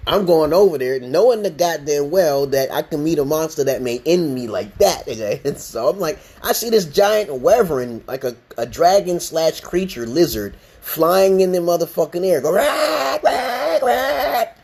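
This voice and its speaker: This Brooklyn, New York livestream host rambles through a profanity-laced story, restarting again and again, barely pausing. His voice is a little high, warm, and husky, expressive at a normal speed.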